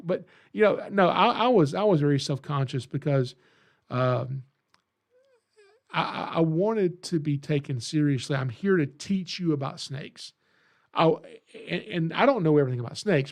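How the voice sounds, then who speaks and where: A podcast host from Georgia speaks with a Southern drawl and tells his stories in a relaxed, homespun way. His voice sits a little high for a man and carries a gravelly rasp. He laughs at himself and often restarts his sentences. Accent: Southern American (Georgia). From Georgia, USA. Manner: folksy and self-deprecating, with frequent restarts. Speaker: podcast host and snake educator. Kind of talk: casual storytelling monologue.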